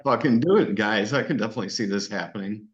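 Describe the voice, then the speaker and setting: A man's voice: on the low side, fast talker. Swearing, laughing man on lo-fi audio. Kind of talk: casual chat. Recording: dull lo-fi recording.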